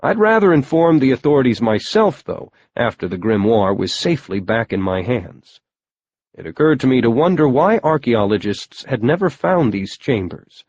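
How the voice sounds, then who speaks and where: A man reads a first-person adventure audiobook, telling it wryly and matter-of-factly. His voice sits at a middling pitch for a man. The recording sounds somewhat dull and lo-fi. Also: big pitch swings, moderate pace, a little mellow, no echo. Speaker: audiobook narrator.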